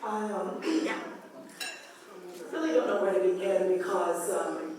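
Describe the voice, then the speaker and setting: A woman's voice: on the low side, slow. A woman minister giving a heartfelt birthday tribute, building rhythmic lists of praise in a preacherly way. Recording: echoey hall from far off. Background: music and crowd murmur.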